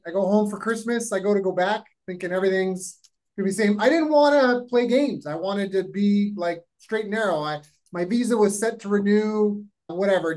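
A man from Canada, a guest telling a long anecdote in a lively, rapid, casual way. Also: sits high, rough recording. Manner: animated, rapid, acts out voices in anecdotes. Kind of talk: casual storytelling.

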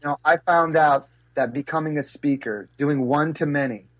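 A man, a speaker and business coach, telling animated stories in an interview and acting out the voices of others. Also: fairly high pitch, normal speed. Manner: acts out voices and gasps, lively and expressive. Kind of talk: animated storytelling in a podcast interview.

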